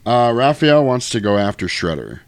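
A man's voice: medium pitch, big pitch swings, dry recording. A man casually recapping a movie scene by scene on a podcast, profane and joking. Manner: profane, joking, quick to do voices.

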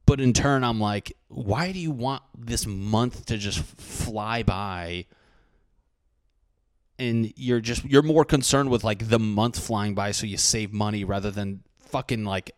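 A man's voice: on the low side, no echo, studio quality. A young man hosting a podcast, rambling and swearing casually as he talks to listeners. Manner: rambling, profane, self-interrupting. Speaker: podcast host.

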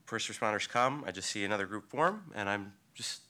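Lowish-voiced man telling a personal story. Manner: vivid, halting retelling that swings between excited and hushed. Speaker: storyteller, local surfer. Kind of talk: personal story told live on stage. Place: live storytelling event before an audience.

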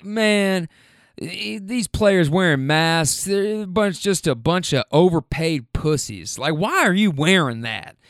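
A man voicing a crude, mocking young redneck in a slow, drawn-out voice. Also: high-pitched, lively intonation, a bit bright, dry recording, studio quality, full character voice.

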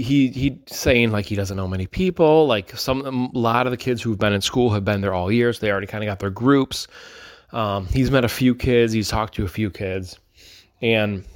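A man in his thirties, a father, talking casually and reflectively, filling his speech with "like" and quick restarts. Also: mid-range voice, no room sound. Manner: chatty, lots of "like" and restarts. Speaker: father and educator reflecting on school.

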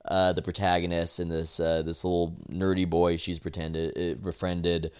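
A man's voice: sits low, level tone, normal speed, darkish tone, clear, resonant tone. A young man co-hosting a podcast, talking casually and stammering through restarts. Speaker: podcast co-host.

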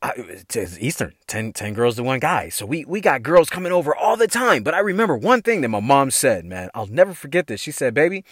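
A man's voice: mid-range voice, big pitch swings, brisk, few pauses, fairly bright tone, slightly rough, no echo, clean studio sound. A man telling a funny personal story in a casual, slangy, heavily profane way, laughing often. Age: adult parent. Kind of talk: casual comedic storytelling monologue.

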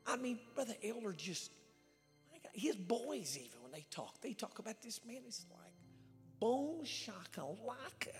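A man preaching a storytelling sermon as a traveling evangelist, swinging between loud shouts and hushed whispers, recorded live in a church. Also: sits high, big pitch swings, normal speed. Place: church sanctuary with reverb. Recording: live church recording with long reverb and faint music.

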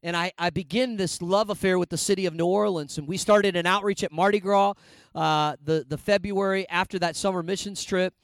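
A middle-aged man from Indiana, a pastor telling a personal story in a sermon, animated and conversational with frequent fillers. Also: high voice, brisk, dry recording.

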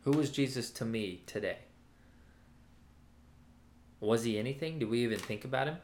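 A man's voice: medium pitch, moderate pace, darkish tone, slight background noise. A man giving a casual Bible teaching, talking conversationally with many fillers and restarts. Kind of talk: casual sermon-style teaching. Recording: roomy echoey room.

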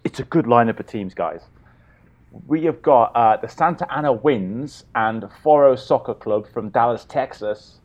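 A man's voice: mid-range voice, lively intonation, normal speed. Guy chatting on a podcast, laid back, kinda muffled lo-fi audio. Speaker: podcast co-host. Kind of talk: casual podcast chat. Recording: dull lo-fi sound.

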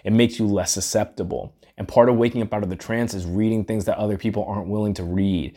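A man with a low-set, warm and mellow voice delivers a reflective solo podcast monologue. His manner is earnest and musing, and he keeps nudging the listener with "right?". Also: fairly even intonation, quick pace. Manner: earnest, musing, often tags lines with "right?". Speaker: podcast host.

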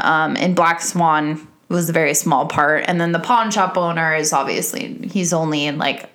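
A woman's voice: medium pitch, fairly bright tone. A woman casually breaking down a movie's characters, rambling with fillers and restarts. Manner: rambling, many fillers and restarts, checks her notes. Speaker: film reviewer.

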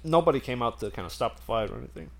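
A man's voice: medium pitch, lively intonation, very fast, creaky, a little hiss or hum. A man telling a story in casual chat, rambling and laughing as he goes.

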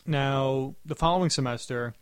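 Relaxed young male podcast host. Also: mid-range voice, moderate pace, clean tone, no echo. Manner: relaxed, asks follow-up questions, laughs along. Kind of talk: casual podcast interview.

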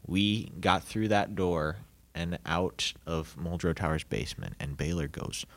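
Very deep-voiced sarcastic young man. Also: a little slow, gravelly, a bit bright. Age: young adult. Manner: dry, sarcastic. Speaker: podcast co-host. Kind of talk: casual chat.

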